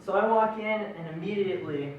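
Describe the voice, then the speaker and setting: A young man tells a stand-up story, animated and self-mocking, and acts out the other characters as he goes. His voice sits a bit high. He is heard from a distance in a very echoey room, with a faint hiss of ambience behind him. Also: a little fast, highs cut off. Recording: very echoey room, mic far off.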